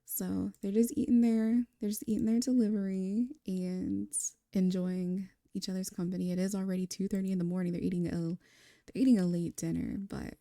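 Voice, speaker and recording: A woman's voice: mid-range voice, flat delivery, moderate pace, no echo. A young woman narrating a life-sim game story in a casual, chatty way, laughing often, on a close mic. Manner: chatty and warm, with frequent laughs and fillers. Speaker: gameplay storyteller.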